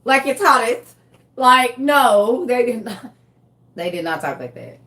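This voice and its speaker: A woman delivering a comedic monologue in a slangy, animated way, often breaking into laughter. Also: on the high side, unhurried. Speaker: comedian vlogger.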